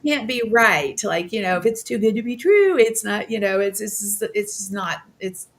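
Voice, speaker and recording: A woman's voice: medium pitch, normal speed, gravelly. A woman hosting a casual interview, enthusiastic and encouraging, turning often to speak to her audience. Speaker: host.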